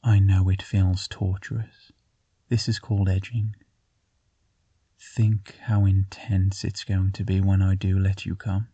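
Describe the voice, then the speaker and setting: A man playing a calm, controlling male lover in an audio story, speaking softly and unhurried. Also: low-pitched, husky, lo-fi sound, heavily acted.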